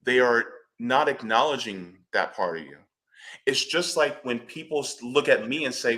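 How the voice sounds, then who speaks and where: Man, panel discussion, emphatic, blunt, bright ringing voice, mid pitch. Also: moderate pace. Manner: emphatic, blunt, swears freely.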